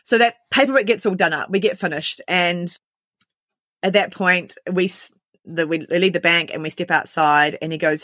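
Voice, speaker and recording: A New Zealand woman being interviewed candidly recounts a personal ordeal, quickly acting out everyone's lines with plenty of quoted dialogue. Her voice is on the low side and fairly bright, recorded dry with clean studio sound.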